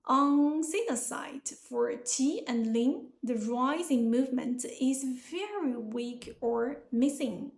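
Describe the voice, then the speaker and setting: A young woman with a Chinese accent, a native Chinese speaker, teaching pronunciation slowly and carefully. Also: high-pitched, lively intonation, roomy sound. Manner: slow, careful, deliberate explanation. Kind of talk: pronunciation lesson.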